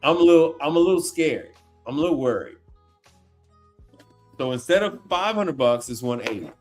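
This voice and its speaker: A man hosting a casual livestream, talking in an animated, slangy way, exclaiming and repeating himself as he reacts. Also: a little high, normal speed, faint music behind. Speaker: appliance repair tech livestream host. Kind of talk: casual livestream chat while browsing online.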